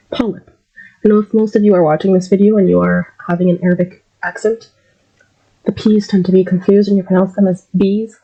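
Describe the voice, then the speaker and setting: A woman who is a little sick, teaching an English pronunciation lesson and drawing out each word slowly so it can be repeated. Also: mid-range voice, warm tone, breathy edge, muffled recording. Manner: slow, drawn-out modeling of words. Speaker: English accent coach.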